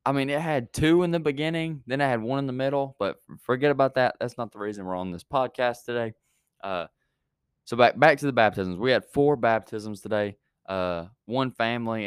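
A man's voice: on the low side, clean tone, dry recording, clean studio sound. A man hosting a youth church podcast, rambling with many fillers and restarts, then praying. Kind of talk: casual chat and prayer.

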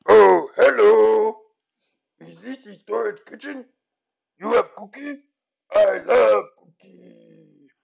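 A gravelly cookie-hungry puppet monster. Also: male voice, high voice, lo-fi sound, voice pushed up, full character voice. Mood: greedy. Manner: slow caveman grammar, hungry grumbling.

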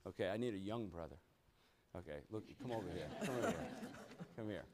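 Over a loud crowd and heavy background noise, a man with a low voice talks fast with lively intonation. He's the church meeting leader running an interactive Bible study, preaching emphatically, bursting into exclamations, and repeatedly asking "you know what?" among other rhetorical questions.

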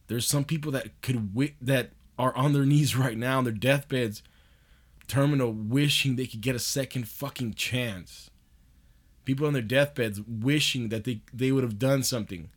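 A man hosting a podcast in a loose, profane monologue, laughing often as he talks. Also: medium pitch. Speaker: podcast host.

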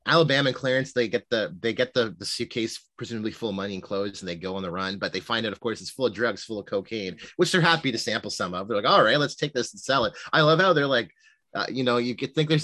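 A man co-hosting a podcast, chatting casually about a movie, swearing freely and animated. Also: on the low side, fast, no room sound. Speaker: podcast co-host.

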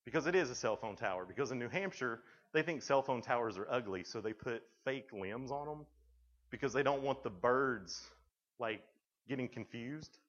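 A young Tennessee man with a Southern accent speaks at a middle pitch, joking his way through stories for a room of students. He slips into the other people's voices as he recounts conversations. The recording is dull and lo-fi. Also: expressive, normal speed, a bit bright. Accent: Tennessee Southern American. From Tennessee, USA. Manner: joking storyteller who acts out dialogue. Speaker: youth speaker. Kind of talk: humorous talk to students.

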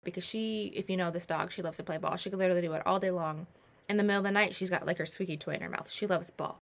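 A woman in her twenties telling a personal story in a casual, animated, self-mocking way, with many rambling asides. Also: lowish voice, very fast, creaky. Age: 20s.

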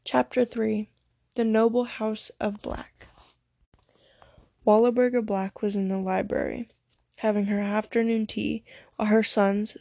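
A woman's voice: medium pitch, gravelly, darkish tone, no room sound. A woman reading a fan fiction story aloud, chapter by chapter, voicing quotes with small shifts of tone.

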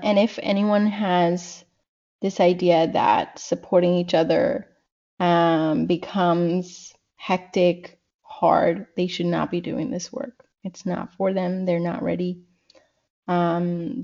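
A woman in her thirties, a podcast guest, talking in an earnest, reflective way and slowing down to stress her points. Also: fairly low pitch, level tone, a little mellow. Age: 30s. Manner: earnest, reflective, slows for emphasis. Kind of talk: casual podcast conversation. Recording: dull lo-fi sound.

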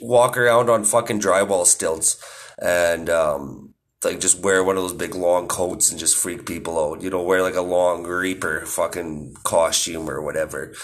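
A man in his thirties speaks a little slowly in a low, steady-toned voice while hosting a podcast. It's a casual, rambling monologue with constant swearing and laughter at his own stories.

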